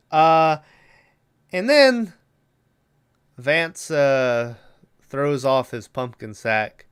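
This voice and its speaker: A man's voice: medium pitch, big pitch swings, slow pace, long pauses, bright, forceful tone, clear, resonant tone. A man co-hosting a podcast, retelling a movie plot in loose, profane casual chat and acting out the characters' lines. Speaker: podcast co-host.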